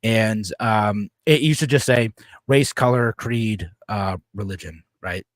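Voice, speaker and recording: A man's voice: on the low side, slow, no room sound. A man walks through a legal amendment in a casual podcast chat. He explains patiently, leaning on fillers like "right?" and "like". The sound is dry and close. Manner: explanatory, reads legal text aloud. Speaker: co-host. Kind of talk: casual political discussion.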